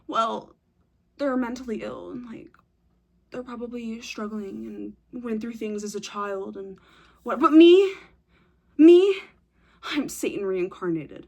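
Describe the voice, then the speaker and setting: A young woman talking straight to camera in a casual, unfiltered way. Her voice sits a little higher than most, and she is blunt, teasing and quick to swear. She tells her stories with animated, dramatic flair. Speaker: vlogger. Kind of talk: casual advice chat to camera.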